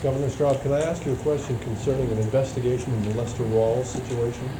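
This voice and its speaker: A man's voice: mid-range voice, steady tone, quick pace. A man reporting at a press conference, asking a direct question. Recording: distant, echoey, noisy archive tape.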